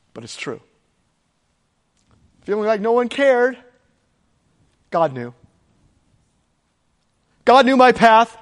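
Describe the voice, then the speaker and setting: A man delivers a sermon in a strikingly high voice, earnest and emphatic, circling back to repeated phrases. His words ring out with the long reverb of a large hall. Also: a bit bright. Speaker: preacher.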